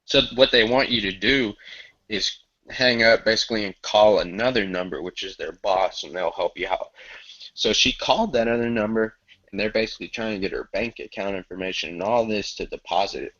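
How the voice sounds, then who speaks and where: A man with a fairly low voice spins loose, cussing anecdotes in an easygoing chat. His voice arrives over a dull, lo-fi call line. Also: brisk, a bit bright. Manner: loose, profane storytelling with frequent laughs. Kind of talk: casual chat.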